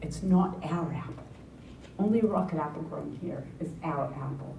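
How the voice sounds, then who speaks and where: A woman's voice: moderate pace, creaky, mellow. A middle-aged woman with a New Zealand accent giving a conference talk, with wry, sarcastic asides. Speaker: conference presenter. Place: conference hall. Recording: echoey hall from far off, faint rumble.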